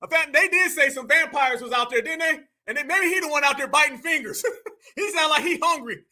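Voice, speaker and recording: A man's voice: very high-pitched, a little fast, pushed and bright. A man hosting a live reaction stream, talking emphatically and mockingly with frequent laughter.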